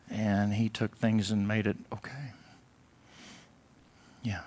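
A pastor preaching a sermon in a conversational way, moving between loud emphatic bursts and quiet asides, now and then mimicking whiny voices for a laugh. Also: male voice, on the low side, little pitch movement, unhurried, pauses often. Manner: mimics whining voices in a comic way.

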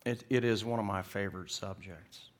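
Middle-aged preacher, folksy and joking. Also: male voice, on the low side, steady tone, normal speed. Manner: folksy storytelling, acts out characters in the joke. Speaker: pastor. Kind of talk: sermon. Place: church.

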